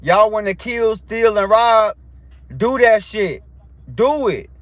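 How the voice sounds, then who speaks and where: A man's voice: high-pitched, animated, takes it slowly, dry recording. A young man ranting in a preachy, heated live-stream monologue, full of street slang and repeated questions.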